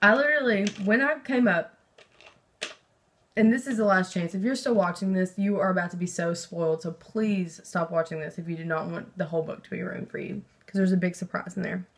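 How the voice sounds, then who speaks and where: A young woman vlogger talking about a book in a casual, rambling way, excitable, with lots of fillers and swearing. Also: lowish voice, brisk. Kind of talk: casual book review chat.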